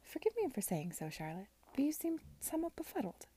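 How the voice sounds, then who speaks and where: A man's voice: extremely high pitch, huge pitch swings, a little fast, warm tone, voice pushed up, heavily acted. A woman reading aloud as a worldly, amused lady in her early forties, dry in manner, in a storybook reading.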